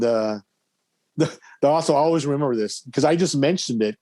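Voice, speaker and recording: Animated man telling his story. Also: medium pitch, no echo. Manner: animated, acts out voices of people in his story. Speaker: podcast guest, adoptee. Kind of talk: casual storytelling.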